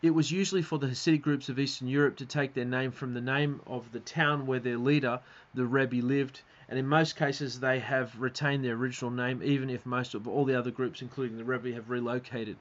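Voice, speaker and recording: A man's voice: medium pitch, steady tone, fairly quick, dull audio. Rambling man giving a casual lecture. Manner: rambling, hesitant, many fillers and restarts. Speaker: video lecturer.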